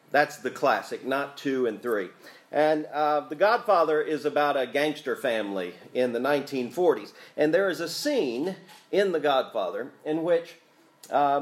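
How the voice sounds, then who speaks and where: A man preaching a sermon as pastor, speaking in a conversational, thoughtful way with occasional fillers. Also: medium pitch.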